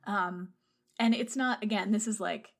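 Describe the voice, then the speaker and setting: A woman's voice: medium pitch, measured pace, gravelly. A woman chatting casually on a podcast as she retells a film scene by scene. She tells it with animation, drops swear words freely and laughs often, and acts out bits of what the characters say as she goes. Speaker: podcast co-host.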